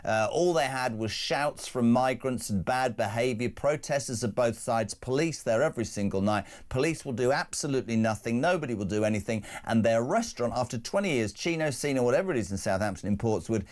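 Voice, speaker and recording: A man's voice: mid-range voice, expressive, a little fast, hardly any pauses. A man hosting a radio breakfast show, ranting and joking in brash, opinionated banter.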